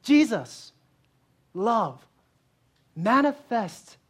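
An earnest woman pastor delivers a sermon in a voice that sits somewhat high. She leans on rhetorical questions and swings from firm, raised emphasis to soft, intimate asides. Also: very animated, extremely slow, slightly rough.

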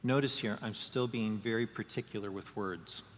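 A man's voice: fairly low pitch, steady tone, normal speed, slight background noise. A man preaching a sermon, asking rhetorical questions and acting out quoted excuses. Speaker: pastor. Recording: long hall reverb.

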